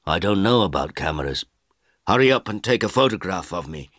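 A man's voice: low voice, expressive, fairly quick, a bit bright, dry recording, clean studio sound. A man voicing a poor old village man who is anxious and impatient, pleading in a raised voice.

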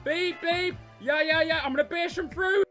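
A young man giving excitable gameplay commentary, breaking into loud yells and squealing laughter. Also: very high-pitched, a little fast, over loud music. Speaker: gaming YouTuber.

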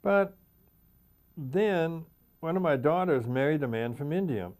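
A man's voice: a little high, a little slow, darkish tone. An older man, a poet, talking reflectively in an interview and reading his own poems aloud, repeating stanzas. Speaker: poet guest. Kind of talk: interview talk and poetry reading.

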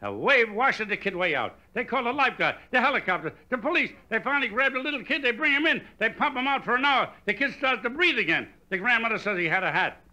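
Older man telling bright deadpan one-liners. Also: extremely high pitch, fast, few pauses, slight background noise. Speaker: stand-up comedian. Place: hotel showroom stage. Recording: dull live recording, faint room ambience.

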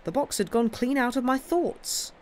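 A woman's voice: on the high side, moderate pace, a little mellow, a little hiss or hum, pitched above the performer's own voice, natural voice. A woman voicing a good-humoured young man who answers an accuser lightly and with mockery in a storybook reading. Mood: cool, mocking. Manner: light, mocking, lifted tone.

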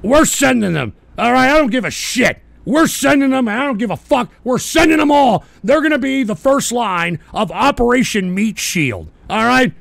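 A man hosting a live stream, yelling and swearing at his audience in an angry political rant on a close mic. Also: very high voice, expressive, moderate pace, vocal fry, few pauses, no echo. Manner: shouting, swearing, berating his chat. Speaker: host of a live call-in stream show.

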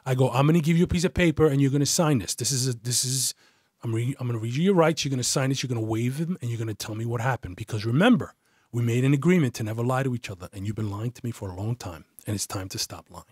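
Recorded dry in a clean studio, this middle-aged man speaks fast in a mid-range voice that's a little mellow and slightly rough. A former police detective, he recounts a story bluntly in a relaxed interview, cursing a lot and performing the voices of its characters.

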